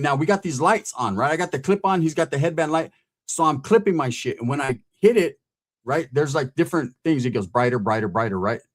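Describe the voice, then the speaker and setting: A man casually telling a scary camping story, animated and profane, full of street slang and a constant "right?". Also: medium pitch. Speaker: podcast host telling a story.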